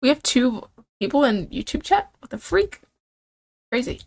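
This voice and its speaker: A woman's voice: high-pitched, normal speed, creaky. Playful young woman streamer. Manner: playful, excitable. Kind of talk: casual game commentary.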